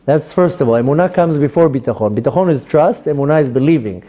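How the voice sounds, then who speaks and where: Animated high-voiced rabbi giving a class. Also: male voice, fast. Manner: animated, acts out dialogues. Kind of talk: Torah class.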